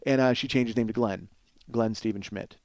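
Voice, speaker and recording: A Chicago man in his forties hosts a comedy podcast, spinning a long, rambling, profane story and getting animated when worked up. His voice is lowish and a little fast, with no echo.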